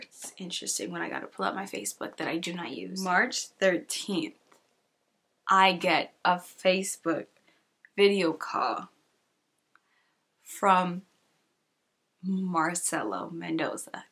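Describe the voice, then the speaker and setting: A young woman from California telling a casual storytime, chatty and sassy, full of "like" with soft whispered asides. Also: on the low side, breathy edge. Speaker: YouTuber.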